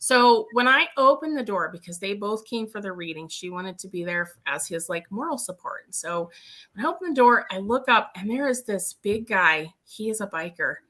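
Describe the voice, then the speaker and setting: A woman co-hosting a casual chat, telling lively stories about her readings and acting out the quotes. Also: mid-range voice, moderate pace. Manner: lively storyteller who acts out quotes. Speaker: host and medium.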